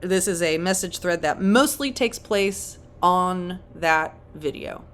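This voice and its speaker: A woman's voice: on the low side, lively intonation, slow pace, fairly bright tone, slight background noise. A woman hosting her channel, reading online comments aloud with dry, wry asides. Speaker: channel host.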